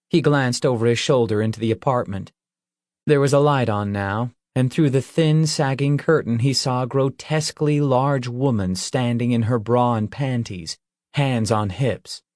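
A man narrating an audiobook in measured, even storytelling. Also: mid-range voice, dry recording, studio quality.

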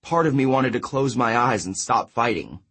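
A man's voice: mid-range voice, lively intonation, normal speed, a bit bright, husky. A man voicing a serious, worried teenage boy, speaking slightly above his narrating voice. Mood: earnest.

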